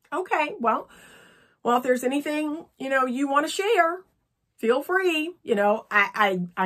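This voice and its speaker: A woman's voice: fairly high pitch, a bit bright. A woman speaking as a relationship coach, earnest and instructive. She talks straight to her viewers and checks in with them often. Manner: earnest, coaching, frequent "okay?" check-ins. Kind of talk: instructional talk to camera.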